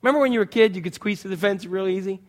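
A pastor preaches with lively storytelling, acting out different voices as he races along. For a man, his voice sits high, and the church hall gives it a long, lingering reverb.

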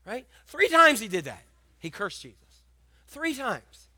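A man preaching a sermon, animated and emphatic, repeating his key lines. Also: very high voice, unhurried. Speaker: pastor.

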